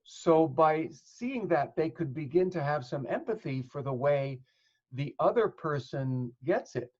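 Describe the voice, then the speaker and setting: Interviewed as a psychotherapist guest, this man has a slightly high, expressive, somewhat mellow voice and a measured pace. He lays out ideas thoughtfully and works through examples, captured on dull, lo-fi audio.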